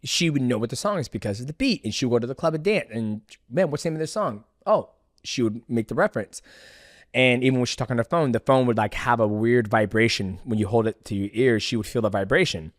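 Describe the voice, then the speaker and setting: A man in the host's chair, chatting casually and getting animated as he tells his stories. He swears freely and slips into voices for the people he quotes. The recording is close and dry, with almost no room sound. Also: mid-range voice, fast talker, no echo. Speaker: podcast host. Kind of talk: casual storytelling chat.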